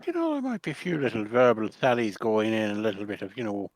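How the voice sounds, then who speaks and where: A man's voice: lowish voice, very animated, fast talker, no room sound. A man chatting casually as a player in a tabletop game, with hedging asides.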